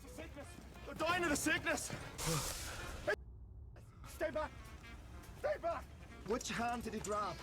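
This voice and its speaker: A woman's voice: high voice, expressive, a little slow, pauses often, over music. An actress playing a panicked woman warning others to stay back from a sickness. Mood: alarmed.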